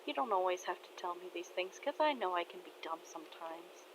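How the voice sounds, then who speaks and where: A woman voicing a soft-hearted, tearful father who talks to his daughter in a tender, soothing way. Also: lowish voice, expressive, brisk, background noise, natural voice.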